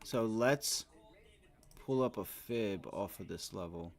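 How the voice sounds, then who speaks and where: A man's voice: on the low side, slow, vocal fry. A man in his thirties hosting a live day-trading stream, talking to himself and his viewers about the chart, swearing now and then. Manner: talks to himself and the chart, swears, frustrated at times. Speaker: day trading livestream host. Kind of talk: casual live trading commentary.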